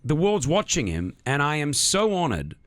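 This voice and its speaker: Lively Australian man hosting radio. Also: fairly high pitch, normal speed. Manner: lively, effusive, laughs often. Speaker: radio host. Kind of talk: radio studio interview. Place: radio studio.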